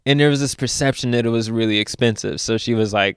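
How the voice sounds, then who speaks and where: A young man from Louisville, a podcast guest, telling animated stories in casual conversation with frequent laughs. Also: mid-range voice, smooth, no echo, studio quality. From Louisville, Kentucky. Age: young adult. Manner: animated storyteller, laughs often, quick asides.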